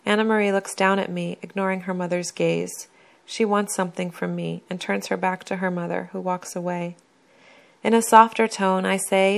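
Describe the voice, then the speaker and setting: A woman reading her own first-person memoir aloud in a measured, even storytelling manner. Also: mid-range voice, gravelly.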